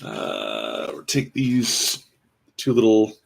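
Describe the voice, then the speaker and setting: A man's voice: on the low side, wildly swooping pitch, very slow, creaky, breathy edge. A man casually commenting as he builds a toy kit, rambling with dry, self-mocking asides. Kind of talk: casual live-stream commentary.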